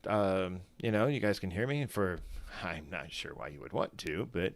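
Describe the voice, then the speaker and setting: A man's voice: low voice, animated, normal speed, no room sound. A man hosting a casual solo livestream in his morning voice, rambling and self-deprecating with lots of fillers and restarts. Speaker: fantasy football streamer.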